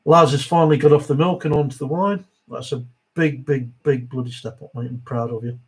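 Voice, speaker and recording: A man's voice: mid-range voice, steady tone, fairly quick, breathy edge, low-quality recording. Chatty man reading stream comments. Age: middle-aged. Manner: chatty, reads viewer comments aloud, many fillers. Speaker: host of a live Q&A stream. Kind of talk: casual live-stream chat reading comments.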